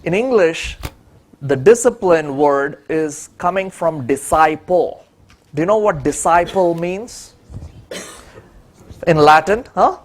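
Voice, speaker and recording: Slow, high-voiced man lecturing. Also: lively intonation, slight background noise. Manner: keeps checking in with the audience, "okay?". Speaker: conference speaker on innovation. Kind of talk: lecture to an audience. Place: conference room.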